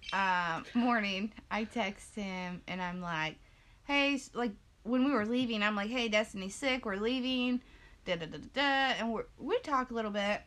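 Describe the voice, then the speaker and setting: A woman's voice: mid-range voice, moderate pace, a bit bright. A woman in her twenties chatting casually, laid-back and self-mocking, laughing often. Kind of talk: casual chat.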